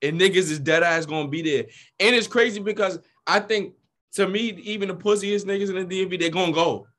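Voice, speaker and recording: A man's voice: high voice, fairly quick, fairly bright tone. A man with a New York accent in casual chat, blunt and profane, telling stories animatedly.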